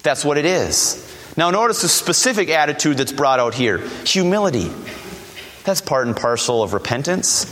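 A man's voice: on the high side, expressive, moderate pace, fairly bright tone, long reverb tail. A man preaching a sermon, emphatic and repeating key words, dropping his voice to quote scripture.

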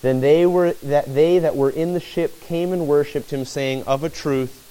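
A man's voice: a little high, fairly even intonation, normal speed, few pauses, warm tone, smooth. A man preaching a sermon, retelling a scripture story with dramatic rises and drops in his delivery.

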